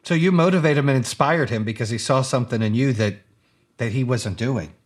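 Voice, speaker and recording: A man's voice: medium pitch, brisk. A man interviewing a guest, adding his own comment and urging him to go on. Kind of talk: encouraging interview follow-up.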